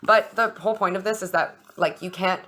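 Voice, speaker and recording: A woman's voice: mid-range voice, steady tone, fairly quick, a bit bright, slight background noise. A young woman hosting an astrology and tarot chat, talking casually, swearing freely and acting out little dialogues. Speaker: astrology and tarot channel host.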